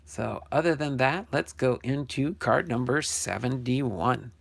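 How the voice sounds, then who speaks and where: An older man with a gravelly edge to a middle-pitched voice hosts a relaxed live stream about sports cards. He talks loosely, stops to correct himself and thinks out loud. He grew up in New Jersey. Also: measured pace. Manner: chatty, self-correcting, thinking aloud. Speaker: sports card channel host. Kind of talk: casual live stream chat.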